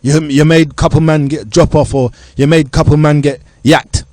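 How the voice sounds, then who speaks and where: A man's voice: fairly high pitch, fairly even intonation, moderate pace, a little mellow, dry recording. A middle-aged man hosting a show, delivering a blunt, impassioned lecture to young people in street slang. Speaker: show host addressing youth. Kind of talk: impassioned monologue.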